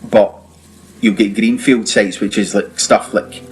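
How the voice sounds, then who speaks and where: A Scottish man, a property developer and podcast guest, explaining things in a casual, meandering, halting way. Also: lowish voice, fairly even intonation, poor audio.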